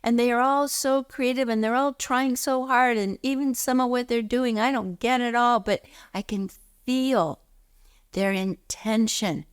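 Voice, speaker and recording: A woman's voice: fairly high pitch, a little slow, clean tone, voice pushed up, close to an everyday voice. A woman quoting a tearful, overwhelmed woman friend in a raised, gushing voice.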